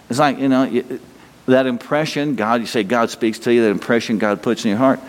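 A male pastor delivers a conversational sermon, asking his listeners questions and answering in God's voice at a slower, softer pace. His voice sits at an ordinary middle pitch. The sound carries the long reverb of a large hall. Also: fairly even intonation. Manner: conversational preaching, voices God's replies in a slow gentle tone.

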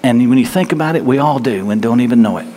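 A man preaching a sermon in a conversational, halting way, often restarting his sentences. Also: medium pitch, lively intonation, mellow, in a large hall, slight background noise.

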